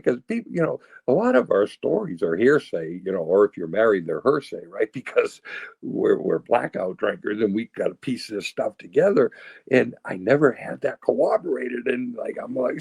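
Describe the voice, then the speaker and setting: An older man from south of Boston tells a hard-won story in a deep, gravelly voice with a husky edge. He talks earnestly and loosely, circling back with "right?" as he goes. The sound is close and dry, with no room around it. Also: big pitch swings, moderate pace, a little mellow, no echo. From south of Boston, USA. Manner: rambling, earnest, frequent "right?" and "you know". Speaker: guest sharing recovery story. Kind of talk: storytelling, candid testimony.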